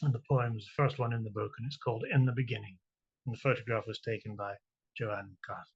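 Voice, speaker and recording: Scottish man, poet; husky tone, middle pitch, halting patter between poems, chanted verse, muffled lo-fi sound. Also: steady tone. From Scotland. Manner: halting, repeats words while explaining, slow chant-like delivery of verse. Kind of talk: poetry reading with spoken introductions. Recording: dull lo-fi recording.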